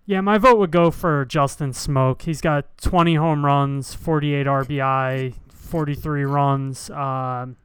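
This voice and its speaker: A man's voice: on the high side, fairly even intonation, slow, few pauses, clean tone, no echo. A man co-hosting a podcast in casual chat, matter-of-fact, rattling off stats. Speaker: podcast co-host.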